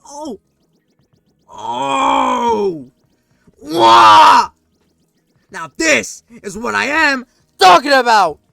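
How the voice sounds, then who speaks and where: A man voicing an excitable male ghost who shouts every line in a high, strained voice. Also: normal speed, gravelly, hardly any pauses, faint music behind, full character voice. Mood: ecstatic shouting. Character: hyper excitable male ghost, giddy and loud.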